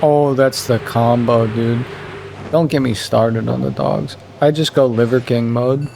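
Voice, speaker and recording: A young man from Virginia chatting casually while playing a game, rambling and joking, jumping up in pitch to make a point. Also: fairly even intonation, a little slow, gravelly, noisy background. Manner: rambling, joking, jumps into higher pitch for emphasis. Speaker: gaming streamer. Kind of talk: casual gameplay commentary.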